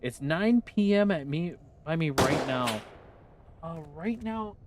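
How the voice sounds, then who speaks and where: A man's voice: a little high, animated, takes it slowly, heavy background noise. A man with a northern US accent, casually chatting with his live-stream viewers while playing, answering their questions with easy laughs. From United States. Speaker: game streamer.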